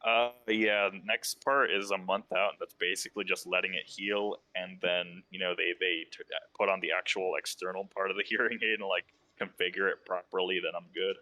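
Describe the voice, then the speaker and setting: A man playing a tabletop game, calm and matter-of-fact in casual chat. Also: sits low, normal speed, few pauses, no room sound, poor audio. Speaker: player.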